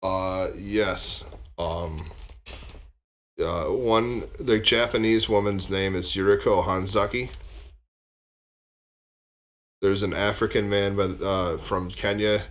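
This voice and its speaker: A man with a fairly low voice narrates a tabletop game as its game master. He stops and restarts often, filling the gaps with ums and uhs. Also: fairly even intonation. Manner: halting, many fillers and restarts.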